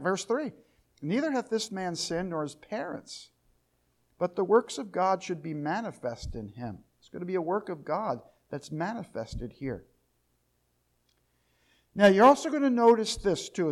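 A man teaching a Bible lesson, reading verses aloud and explaining them, often repeating his key questions with rising emphasis. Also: high-pitched. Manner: reads scripture aloud, then explains it.

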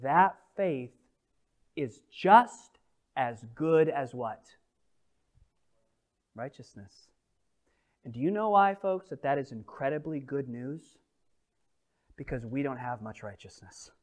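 Slow, dramatic preaching man. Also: a little high. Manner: dynamic preaching, swings from loud proclamation to hushed intimate delivery; reads scripture slowly and deliberately. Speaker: pastor. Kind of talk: sermon.

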